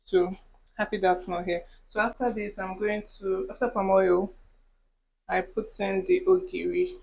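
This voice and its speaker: A woman's voice: medium pitch, little pitch movement, unhurried, vocal fry, slightly rough, lo-fi sound. A woman from Nigeria hosting a cooking vlog, chatting casually to viewers as she prepares a dish in her home kitchen. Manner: chatty, talks while cooking, asides to viewers. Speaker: cooking vlogger.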